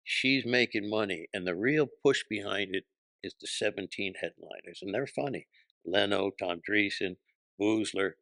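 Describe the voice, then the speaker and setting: A comedian guest on a podcast, a man telling anecdotes in a lively way and acting out the people he quotes. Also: on the low side, normal speed, no room sound. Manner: animated, acts out quoted voices. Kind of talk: storytelling anecdotes.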